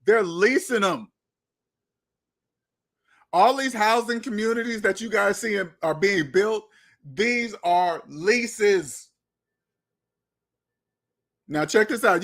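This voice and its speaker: Blunt high-voiced man lecturing. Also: a bit bright. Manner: blunt, lecturing, repeats himself. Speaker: finance commentator. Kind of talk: opinionated video commentary.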